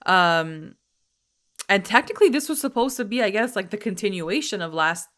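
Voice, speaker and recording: Woman podcast co-host with a bright voice at middle pitch who thinks out loud and hedges a lot. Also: expressive, normal speed. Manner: thinks aloud, hedging with "like" and "I guess". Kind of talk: casual recap chat.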